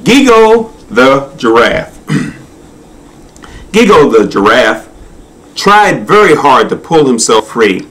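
Guy reading kids' animal stories, slow and lively, lots of pitch swing. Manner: animated, expressive. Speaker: storyteller.

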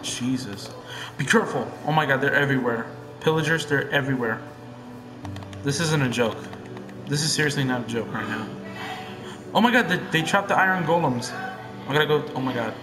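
Excitable, cursing young man gaming. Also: mid-range voice, a little fast, long pauses, echoey room, music in the background. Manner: excitable and profane, swinging between hushed muttering and loud yelling. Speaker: gamer. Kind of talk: casual gameplay commentary.

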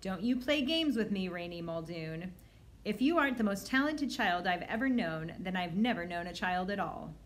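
A woman's voice: on the low side, animated, normal speed, lightly acted. A kind but wry older tutor, as a woman reading aloud puts her on. She scolds firmly and fondly. It is a storybook read-aloud. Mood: scolding.

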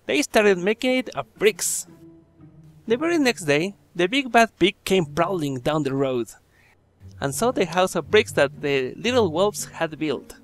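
A man's voice: sits high, lively intonation, measured pace, soft background music. A man reading a children's horror story aloud, breaking off for chatty, joking asides to the listeners.

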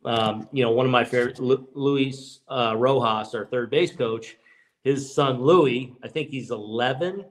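A man's voice: mid-range voice, a little slow. A middle-aged man, a baseball manager guest, telling childhood stories in a casual interview, with a rambling, restart-filled way of talking. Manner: rambling, frequent restarts and "you know" fillers.

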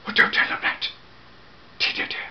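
A man voicing an elderly, fussy, grandfatherly time-travelling gentleman in a fan audio drama, full of hmms and eh?s. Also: normal speed, lo-fi sound, lightly acted. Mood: fussy, chatty. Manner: fussy, hesitant, peppered with hmms and eh?s.

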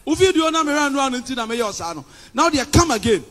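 A man with a Ghanaian accent preaching a fiery, defiant sermon, shouting and mixing Twi and English. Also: extremely high pitch, sing-song, quick pace. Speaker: pastor.

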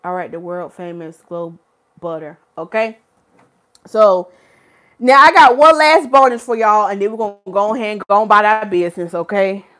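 A woman, a hair stylist hosting a casual live stream and talking to her chat in an animated, preachy way. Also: medium pitch, normal speed. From North Carolina, USA.

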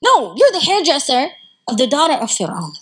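A woman with a Southern American accent giving a storytelling talk to a live audience, animated and conversational, drawing the listeners in. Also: high voice, brisk, poor audio. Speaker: Islamic lecturer. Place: community center talk.

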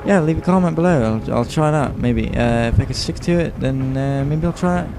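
A man's voice: medium pitch, brisk, music in the background. A tired man giving casual, rambling commentary over a video game, joking and swearing often. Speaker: let's play host.

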